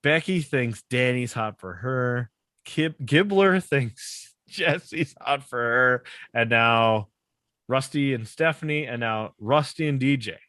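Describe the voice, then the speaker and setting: A man's voice: medium pitch, takes it slowly, a bit bright, dry recording. A man co-hosting a podcast, casually retelling a sitcom plot, often laughing and acting out the characters' lines. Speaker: podcast co-host. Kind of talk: casual chat recapping a sitcom episode. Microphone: podcast microphone.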